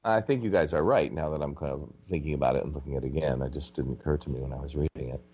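Male podcast co-host, extremely low voice, halting and self-deprecating, muffled recording. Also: darkish tone, slight background noise. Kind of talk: casual chat.

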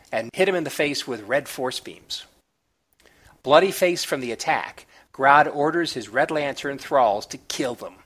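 A man reviewing comic books, recapping the plot in a relaxed, chatty way with small asides. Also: medium pitch.

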